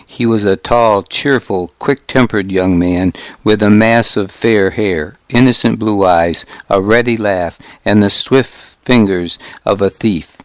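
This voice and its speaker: A man reads a first-person historical novel aloud at a very unhurried pace, his voice pitched a little low. His delivery is measured and grave. The recording is close and dry, with no room sound. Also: no room sound. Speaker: audiobook narrator. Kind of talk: scripted first-person narration.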